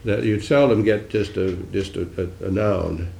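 An older senator with a deep, gravelly voice answers audience questions during a political talk, musing and digressing with dry, wry wit. He speaks a little slowly in a steady, dark tone. The room is echoey, with slight background noise.

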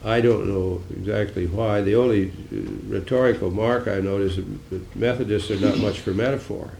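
Gravelly-voiced older man, dry wit. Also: fairly low pitch, fairly even intonation, moderate pace, a little mellow, roomy sound, a little hiss or hum. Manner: dry, wry humor, musing and digressive. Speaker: senator answering audience questions. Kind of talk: political talk with audience Q&A.

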